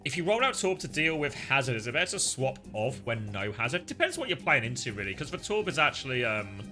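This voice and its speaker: Bright-voiced excitable male esports caster. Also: medium pitch, fast, soft background music. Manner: excitable play-by-play, chatty analysis with fillers. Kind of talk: live esports commentary.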